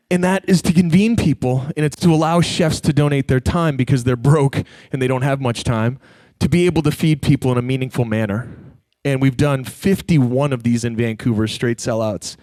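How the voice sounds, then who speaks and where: A man stands on a stage and tells a personal story to a live audience, acting out the voices of the people in it. His voice is mellow and warm, and the sound is dry and close to the mic. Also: medium pitch, no room sound. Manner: animated, acts out quoted voices. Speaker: speaker.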